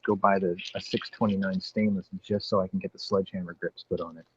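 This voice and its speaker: A man's voice: low voice, steady tone, fast, a little mellow. Profane, rambling man on a lo-fi podcast. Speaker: podcast host. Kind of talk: casual chat. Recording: dull lo-fi audio with faint noise.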